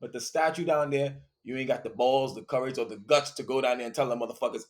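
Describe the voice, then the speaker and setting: A man's voice: medium pitch, fairly even intonation, fast, few pauses, a little mellow. A man delivering a profane, confrontational motivational monologue, preaching and repeating phrases for emphasis. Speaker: host.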